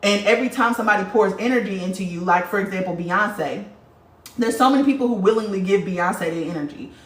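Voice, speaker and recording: On a casual spiritual livestream, a woman reads viewer comments aloud in a fast, mid-range voice, swearing a lot and talking bluntly. She comes across as animated and profane. The audio sounds roomy, with the mic set at a distance.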